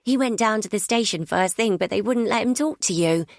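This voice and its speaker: A woman voicing an eager, anxious young boy in an audiobook, asking urgent questions and rushing his words. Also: mid-range voice, vocal fry, no room sound, clean studio sound, pitched above the performer's own voice, close to an everyday voice.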